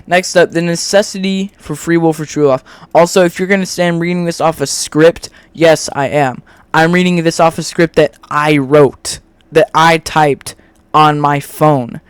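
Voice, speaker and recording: A man's voice: on the high side, steady tone, normal speed, clean tone, dry recording. A man making a video, reading a script he wrote and explaining an argument while he draws, rambling and often breaking off to restart. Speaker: video creator. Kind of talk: scripted argument over screen drawing.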